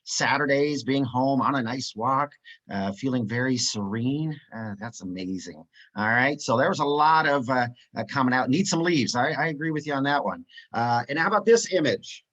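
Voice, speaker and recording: A man's voice: mid-range voice, moderate pace, fairly bright tone, lo-fi sound. A man presenting a live webinar, upbeat and chatty, reading out chat replies with many "uh" fillers.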